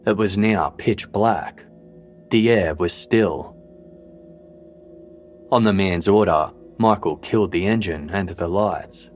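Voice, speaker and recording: A man narrating a true-crime story in a measured, scripted way. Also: low-pitched. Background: faint background music.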